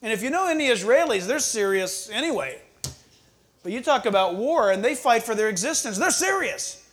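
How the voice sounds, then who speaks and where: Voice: mid-range voice, animated, brisk. A preacher giving a conversational sermon, asking the congregation rhetorical questions and acting out little scenes. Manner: acts out scenes with quoted voices.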